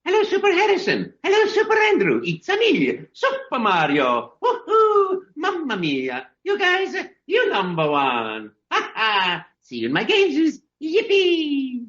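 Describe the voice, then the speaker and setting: A man voicing a cheerful Italian plumber hero with a squeaky, sing-song voice and Italian accent, exclaiming brightly. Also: wildly swooping pitch, a little slow, few pauses, exaggerated voice. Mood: exuberant. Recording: dull lo-fi video call audio.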